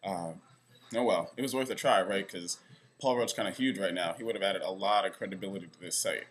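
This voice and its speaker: Young male vlogger, lowish voice, rambling and self-mocking, talking straight to camera. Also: brisk. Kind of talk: casual direct-to-camera vlog. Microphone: camera facing speaker.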